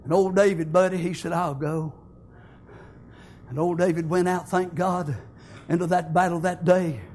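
A man preaching a fiery, folksy sermon that builds to shouts. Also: high-pitched, fairly even intonation, normal speed, slight background noise.

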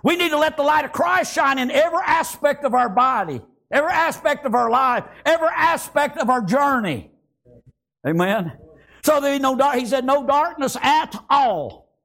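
A middle-aged man preaching a sermon in a folksy rural way, calling out to the congregation and dropping into quiet storytelling. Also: very high-pitched, animated, moderate pace, gravelly. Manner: folksy, rural speech, frequent call-outs and "praise God"; swings between shouting and hushed storytelling. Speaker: pastor.

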